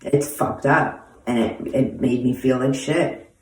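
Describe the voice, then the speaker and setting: A woman's voice: a bass voice, fairly even intonation, slow, darkish tone. A woman in her forties speaks bluntly, swearing constantly and using street slang as she tells stories from her own life. She sits some way back from the microphone, so her voice sounds distant. The room around her is echoey. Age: 40s. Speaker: host answering viewer questions. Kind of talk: casual storytelling monologue. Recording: echoey room, voice far from mic.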